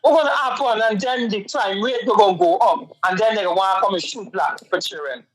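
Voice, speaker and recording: A man's voice: high voice, a little fast, music in the background, low-quality recording. A man co-hosting a talk show, earnest and impassioned, always calling his partner "my brother.". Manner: earnest, keeps repeating "my brother". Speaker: co-host.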